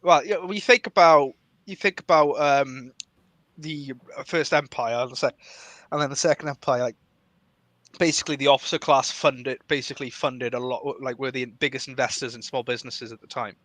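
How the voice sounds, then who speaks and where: Bright-voiced, dry-sounding male podcast host. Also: normal speed, no echo. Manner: animated, laughs often, jumps up in pitch when joking. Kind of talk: casual political chat.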